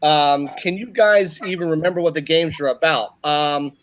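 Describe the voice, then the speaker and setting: A man's voice: on the high side, moderate pace, a bit bright, a little hiss or hum. A man co-hosting a casual group chat, easygoing and hesitant with frequent ums. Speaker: show co-host.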